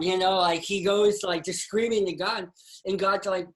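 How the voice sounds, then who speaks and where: A man's voice: high-pitched, moderate pace, rough recording. A man, a pastor and guest, telling a personal faith story in a conversational way and acting out dialogue as he goes. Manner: animated storyteller who acts out dialogue.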